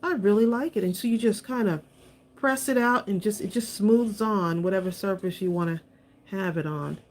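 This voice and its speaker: A woman's voice: medium pitch, normal speed, a little mellow. A woman hosting a live crafting stream, chatting with viewers and laughing often as she demonstrates supplies. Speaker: craft channel host.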